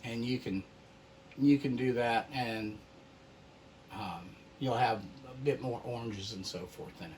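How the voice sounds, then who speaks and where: A man talks through an oil painting demonstration at an unhurried, slow pace, with an easygoing manner that often drifts into murmuring to himself. There is a faint hiss of noise behind his voice. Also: mid-range voice, a little mellow. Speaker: painting instructor. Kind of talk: relaxed paint-along tutorial.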